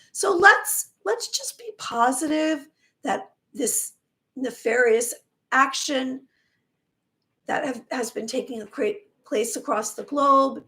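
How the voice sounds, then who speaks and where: A woman talking casually on a live stream as a spiritual teacher, warm in her encouragement and tripping over words, her voice going hoarse. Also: high voice. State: losing her voice.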